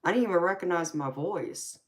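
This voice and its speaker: A woman's voice: on the low side, fairly quick. A woman with a Southern US accent in casual live chat as a tarot reader, laughing often and calling listeners "baby". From United States.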